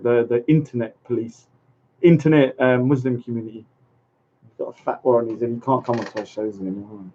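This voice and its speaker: A man's voice: mid-range voice, a little mellow. A man hosting a casual live stream, rambling, chatting and talking to his viewers. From England. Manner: rambling, chatty, reads chat and addresses viewers. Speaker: livestream host. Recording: dull lo-fi stream audio.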